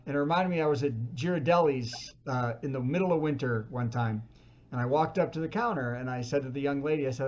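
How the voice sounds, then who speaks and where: A man's voice: medium pitch, quick pace, darkish tone, muffled recording. A man hosting a virtual comedy show, telling a rambling stand-up story over a video call and searching for words as he goes.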